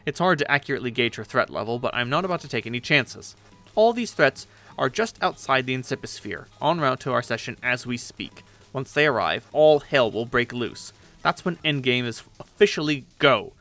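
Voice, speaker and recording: A man reading a webcomic aloud, voicing a brisk, impatient young leader briefing his team. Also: medium pitch, animated, sharp tone, faint music behind. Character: bossy young leader running a war meeting.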